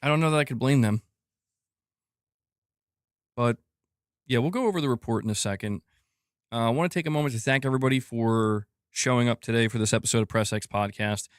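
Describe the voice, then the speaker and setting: A man's voice: mid-range voice, a little fast, long pauses, smooth, dry recording, clean studio sound. A man hosting a gaming news live stream, chatting casually and reading viewer comments. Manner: animated, talks to chat, reads comments aloud. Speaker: podcast host.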